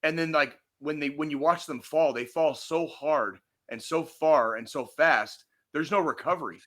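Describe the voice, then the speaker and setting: Male podcast co-host, bright forceful voice a bit high, heated profane rant. Casting note. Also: moderate pace. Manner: angry, profane, emphatic.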